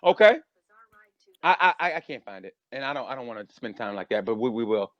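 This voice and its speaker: A male stand-up comedian talking nonstop as a podcast guest, energetic and full of stammering restarts. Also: medium pitch, a little fast, no room sound, muffled recording. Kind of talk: rowdy casual chat.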